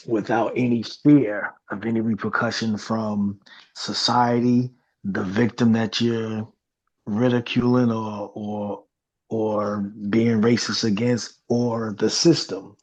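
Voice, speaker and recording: Gravelly low-voiced man, slow and halting. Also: rough recording. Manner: halting, searching for words. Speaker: podcast panelist. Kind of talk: casual discussion.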